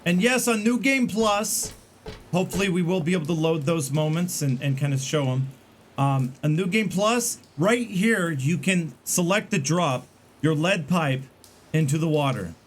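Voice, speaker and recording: A man's voice: on the high side, expressive, moderate pace, slight background noise. A man giving casual, rambling game commentary to his stream chat, full of fillers and restarts.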